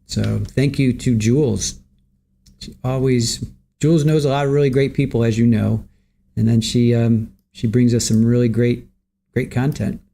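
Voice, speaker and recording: A man's voice: mid-range voice, fairly even intonation, moderate pace, gravelly, mellow. A man hosting a livestream, greeting viewers from the chat by name and chatting casually while waiting for court to start. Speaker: livestream host.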